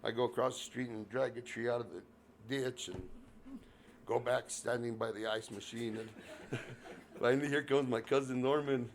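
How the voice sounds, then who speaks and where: Chuckling man telling a lively story. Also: mid-range voice, moderate pace, a little hiss or hum. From northern New Mexico. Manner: lively, acts out both sides of a dialogue, chuckles often. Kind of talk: telling a personal story to a live audience. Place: public library event room.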